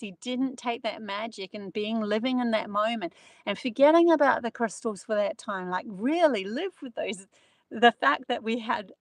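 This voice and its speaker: A woman's voice: a little high, no room sound. A middle-aged woman, a spiritual channeler giving an earnest, rambling live-streamed talk full of fillers.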